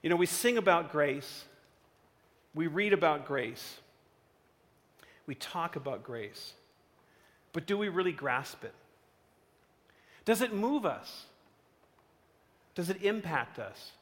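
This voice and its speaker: Earnest male preacher, bright voice. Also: fairly high pitch, animated, takes it slowly, long pauses, long reverb tail. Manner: dramatic, earnest. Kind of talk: sermon storytelling.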